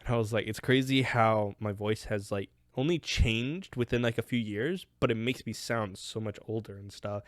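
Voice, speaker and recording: A man's voice: lowish voice, moderate pace, few pauses, dry recording, studio quality. A teenage guy hosting a casual question-and-answer chat, rambling with lots of restarts and laughter. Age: teens. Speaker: channel host answering questions.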